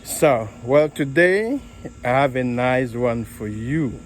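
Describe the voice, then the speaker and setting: A man from Nigeria with a Nigerian accent, hosting a casual garden vlog in an unhurried, halting way. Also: medium pitch, animated, slight background noise, poor audio. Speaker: fig grower and channel host.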